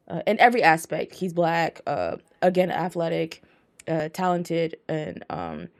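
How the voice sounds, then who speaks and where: A woman's voice: fairly low pitch, no echo, clean studio sound. A woman co-hosting a wrestling podcast, talking bluntly in casual chat and swearing freely. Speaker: podcast co-host.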